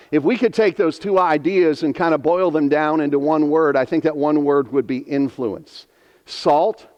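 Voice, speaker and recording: This northeastern Pennsylvania pastor, a man in his fifties, speaks in a large hall with a highish, darkish voice. His sermon is emphatic and sincere, and he repeats key lines for emphasis.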